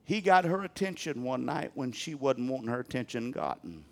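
An older man, preaching a sermon as pastor in a folksy, animated way with humor. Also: mid-range voice, normal speed, creaky.

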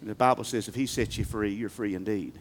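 A male pastor preaching a sermon, emphatic, swinging from loud bursts to quiet talk. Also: on the low side, fast talker, a little hiss or hum.

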